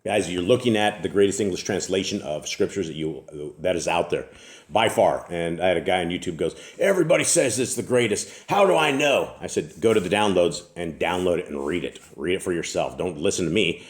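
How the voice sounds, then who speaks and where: A man's voice: sits low, brisk. A man hosting a family scripture channel, joking casually and then preaching emphatically. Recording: echoey room.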